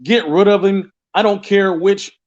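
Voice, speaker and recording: A man's voice: sits high, fairly even intonation, a little slow, lo-fi sound. A man calling in to a sports talk show, talking casually and rambling, repeating words and restarting his sentences. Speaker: caller. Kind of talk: casual call-in chat.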